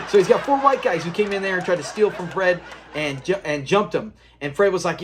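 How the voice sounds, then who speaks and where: A man's voice: high voice, brisk. A man hosting a casual episode recap, laughing often and acting out the characters' lines as he retells scenes. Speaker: show recap host.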